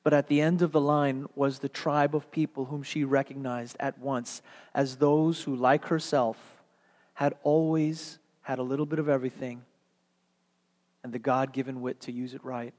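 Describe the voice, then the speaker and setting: A man's voice: mid-range voice, level tone, moderate pace, darkish tone. A male pastor delivering a sermon with dramatic, earnest storytelling. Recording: long hall reverb.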